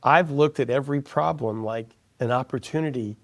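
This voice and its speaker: A man with a gravelly, slightly rough voice telling a story in a relaxed interview. His pitch sits in the middle range. He talks with animation, and he goes soft and hushed when he quotes someone else. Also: normal speed. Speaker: guest.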